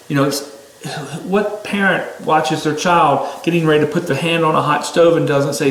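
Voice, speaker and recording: A man giving an informal sermon-style talk, rising sharply in pitch when he exhorts his listeners. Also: fairly even intonation, moderate pace, echoey room, rough recording.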